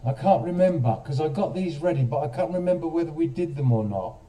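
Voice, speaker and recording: A man's voice: a little high, animated, fast talker, dark tone, far from the mic. A man hosting a casual live stream, chatting straight to viewers and quizzing them, with a self-mocking manner.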